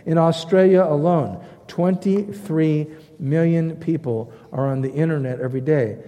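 A pastor preaching a sermon, emphatic, repeating key phrases and swinging between loud stresses and quiet asides. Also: male voice, fairly high pitch, normal speed. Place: church sanctuary. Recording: long hall reverb.

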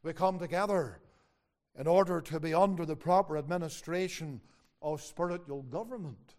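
A male preacher delivering an earnest, emphatic sermon. His voice sits fairly high for a man, and he leans into long Scripture quotations. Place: home, away from the usual church.

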